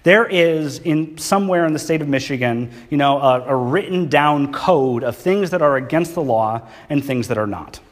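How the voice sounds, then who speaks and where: A man preaches to a church congregation. His voice sits a little high, and his delivery is relaxed and conversational. He often stops to put questions to the people in the room. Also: normal speed, hardly any pauses. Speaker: pastor. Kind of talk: sermon. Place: church hall.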